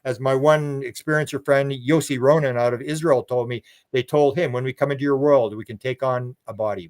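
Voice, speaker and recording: An older man talking as a guest in a relaxed interview, at an ordinary middle pitch. He rambles from one story to the next and slips into the voices of the people he quotes. He often stops and restarts his sentences. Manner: rambling storyteller who acts out quoted dialogue, frequent restarts. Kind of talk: casual conversational interview.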